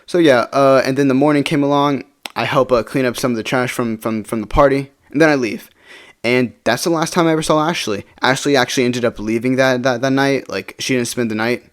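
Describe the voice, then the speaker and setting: A young man rattles off a casual storytime at a quick clip. He rambles, checks in with "right?" all the time, and curses offhand. His voice sits at an ordinary pitch for a man. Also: steady tone. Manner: rambling, keeps asking "right?", swears casually. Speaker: storytime vlogger.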